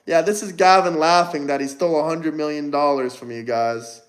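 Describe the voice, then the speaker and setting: A man's voice: on the high side, moderate pace, rough recording. A man hosting a casual livestream, firing mocking, combative replies at his chat. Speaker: livestream host.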